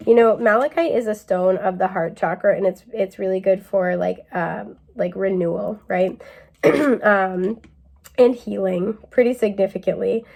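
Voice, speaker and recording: A woman talks through a pick-a-card tarot reading in a loose, chatty way, full of ums and little laughs. Her voice sits in an ordinary middle range, and she sometimes slips into a mellow drawl to quote someone. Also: medium pitch, unhurried, gravelly. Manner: chatty and laid-back, many fillers, laughs often.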